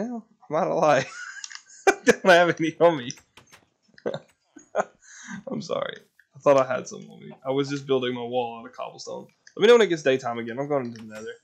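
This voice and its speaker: Loud, joking male gamer streamer. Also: mid-range voice, animated, moderate pace, creaky, long pauses. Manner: loud, joking, swearing, bursts into panicked yelling. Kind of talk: casual gaming chat.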